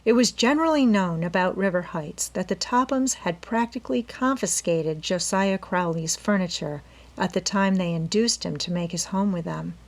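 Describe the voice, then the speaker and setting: A woman narrating a classic mystery novel as an audiobook reader, in an even storytelling manner. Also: lowish voice, moderate pace. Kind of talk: scripted narration.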